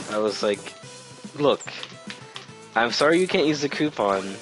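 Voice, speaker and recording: A man's voice: mid-range voice, a bit bright, rough recording. Exasperated young man ranting, swearing. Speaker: retail worker. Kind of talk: casual storytime rant.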